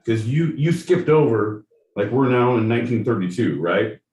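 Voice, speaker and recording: A man in casual chat, loud and profane, riffing from one tangent to the next. His voice comes from a distance off the mic and rings in a roomy space. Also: mid-range voice, animated, moderate pace. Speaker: podcast co-host.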